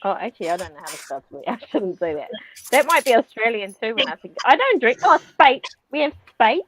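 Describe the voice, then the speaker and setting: A woman's voice: on the high side, very animated, brisk, no room sound, rough recording. A woman from New Zealand chatting on a group video call, giggly and rambling.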